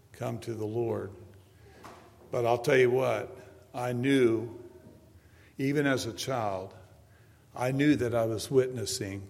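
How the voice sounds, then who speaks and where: A man in his seventies preaching a sermon, moving between quiet storytelling and loud, emphatic preaching. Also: mid-range voice. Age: 70s. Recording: long hall reverb.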